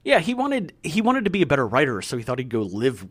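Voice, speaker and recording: A man's voice: mid-range voice, wildly swooping pitch, fast, slightly rough. A man co-hosting a casual podcast about a film, reading background notes and joking with his co-host. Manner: reads background notes, joking and laughing often.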